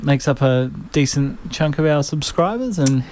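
A man's voice: on the high side, expressive, unhurried, darkish tone, a little hiss or hum. Laid-back man radio presenter. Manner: rambling, laid-back, repeats words. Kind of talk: casual on-air radio chat. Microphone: studio broadcast mic.

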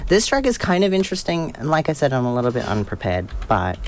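Young male community radio host, mid-pitched, rambling, laughs easily, talks from the studio. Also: wildly swooping pitch, fast talker, darkish tone, slight background noise. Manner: rambling, self-deprecating, laughs often. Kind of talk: casual community radio chat.

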